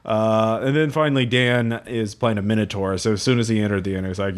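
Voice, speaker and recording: A man co-hosting a casual tabletop gaming podcast, relaxed and chuckling as he shares game quotes and reads forum stories aloud. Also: on the low side, fairly quick, smooth. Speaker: podcast co-host.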